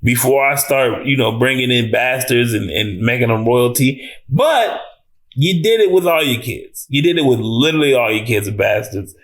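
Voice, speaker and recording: A man giving a casual, animated reaction review of a TV episode, talking in slang, swearing and restarting often. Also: mid-range voice, moderate pace.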